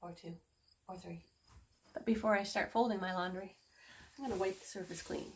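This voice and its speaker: A woman's voice: medium pitch, steady tone, normal speed, roomy sound, a little hiss or hum. A woman chatting casually to viewers while she cleans and tidies her bedroom, self-mocking and talking straight to the camera. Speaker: home cleaning vlogger. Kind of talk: casual vlog narration while tidying. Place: bedroom at home.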